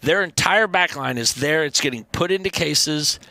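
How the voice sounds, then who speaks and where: A man guesting on a podcast, telling animated, profane band stories in casual chat. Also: on the high side, normal speed, vocal fry, no echo. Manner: animated, profane, acts out quotes in loud voices. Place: podcast studio.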